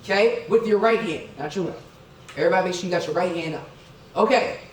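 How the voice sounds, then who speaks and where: A middle-aged man giving a motivational keynote in an event hall, energetic, calling for crowd responses and counting out dance moves. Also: sits high, quick pace, slight background noise. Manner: energetic, leads crowd through dance counts, keeps asking "okay?". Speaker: keynote speaker. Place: event hall with tables and chairs. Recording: echoey hall, voice from a distance.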